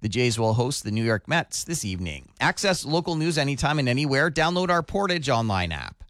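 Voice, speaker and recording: Man, radio news anchor, measured scripted read, dry close sound. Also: medium pitch, no echo. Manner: steady, measured news delivery. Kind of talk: scripted newscast reading.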